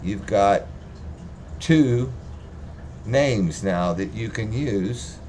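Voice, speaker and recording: A man's voice: fairly low pitch, animated, very slow, mellow, a little hiss or hum. A man rambling casually and profanely on a livestream, joking as he talks. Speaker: livestream host.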